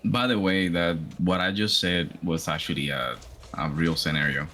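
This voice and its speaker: A man chatting casually, telling a game story in an animated way. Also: low voice, moderate pace, a little hiss or hum. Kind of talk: casual chat.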